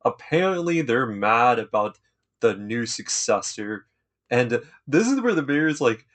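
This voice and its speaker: A man's voice: medium pitch, very animated, moderate pace. A man giving a casual, enthusiastic recap of an anime episode, retelling scenes in laid-back, slangy talk.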